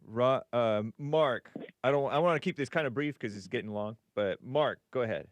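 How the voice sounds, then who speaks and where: Smooth, dry-voiced male talk host. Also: medium pitch, normal speed, no echo. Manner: chatty, laughs often, reads super chats aloud. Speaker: call-in show host. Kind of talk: casual call-in radio talk.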